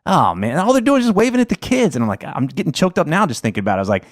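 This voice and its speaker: A man's voice: a little high, sing-song, rapid-fire, no room sound, studio quality. A man hosting a podcast interview, enthusiastic and openly emotional in casual conversation. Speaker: podcast host.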